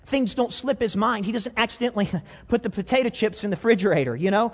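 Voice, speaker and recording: Pastor, high voice, lively sermon storyteller, long hall echo. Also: male voice, fast. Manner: animated storyteller, repeats words, chuckles often. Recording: long reverb of a big hall.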